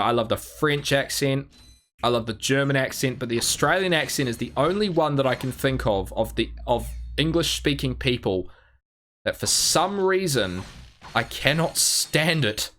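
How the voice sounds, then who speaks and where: A man's voice: medium pitch, a bit bright, a little hiss or hum. Rambling young man streaming a game. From New Zealand. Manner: rambling, self-mocking, lots of restarts. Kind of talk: casual gameplay chat.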